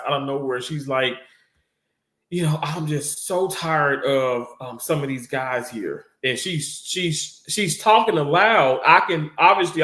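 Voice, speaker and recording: A man's voice: medium pitch, fairly bright tone, reverberant. A young man telling a rambling workplace story to his viewers, laughing often and acting out the voices of the people he quotes. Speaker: storyteller recounting a workplace incident.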